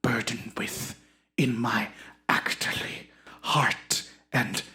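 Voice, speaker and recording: A grandiose stage actor, played by a comic performer who drops low and slow, nearly whispering as he savours each flowery word. He hesitates often, and his voice stays hushed and breathy. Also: steady tone. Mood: pompous. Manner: pompous, grandiose, hesitant with many ums. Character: pompous self-important Shakespearean actor. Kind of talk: comedy podcast character sketch.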